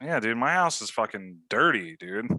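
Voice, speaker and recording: A man's voice: lowish voice, sing-song, normal speed, sharp tone, no echo. A man cracking jokes and laughing in a casual comedy podcast chat. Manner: wisecracking, laughing interjections.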